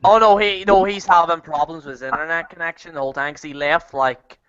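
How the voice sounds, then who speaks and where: Man, high voice, bright, chatty host, lo-fi call audio. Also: steady tone, brisk, smooth. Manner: laughing, loose and chatty. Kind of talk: casual group video chat.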